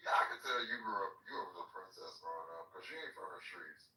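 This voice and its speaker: A man from the United States pushes back hard in a political argument, mocking and profane. His voice sits low and sounds sharp and bright. It is picked up far from the mic in an echoey space. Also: animated, quick pace. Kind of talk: heated political debate. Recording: echoey, distant voice-chat audio.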